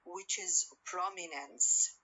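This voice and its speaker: Woman lecturing, slow n full of uhs, bright-ish voice, lowish. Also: highs cut off, a little hiss or hum. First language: Arabic. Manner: slow explanatory, many fillers, switches into Arabic glosses. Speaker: university lecturer. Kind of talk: recorded lecture.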